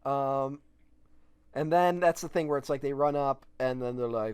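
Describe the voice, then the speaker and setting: A man co-hosting a casual film podcast, animated and laughing often, his speech full of "like" fillers. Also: mid-range voice, measured pace, pauses often, clean tone, no echo. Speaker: podcast co-host.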